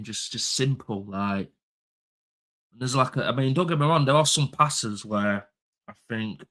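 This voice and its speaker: A man's voice: mid-range voice, a bit bright. A young man, talking football as a pundit in a heated casual chat. He is passionate and blunt, swears freely and repeats his points for emphasis.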